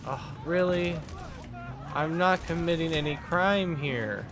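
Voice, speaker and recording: Slow, wry man commenting on gameplay. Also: a little high. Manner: sarcastic, wry running commentary. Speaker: gaming channel host.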